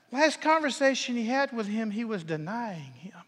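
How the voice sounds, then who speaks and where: A man with a high voice delivers a sermon from the pulpit, swinging between ringing declarations and near-whispers. His voice carries a long, lingering reverb off the walls of a large church sanctuary. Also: sing-song, normal speed, hardly any pauses. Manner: dramatic swings from loud to whispered. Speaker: pastor.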